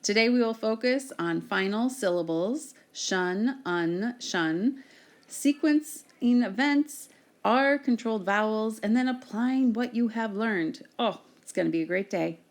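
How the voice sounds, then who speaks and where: A woman teacher giving a recorded reading lesson, sounding out words slowly and clearly for her students. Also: fairly high pitch, expressive.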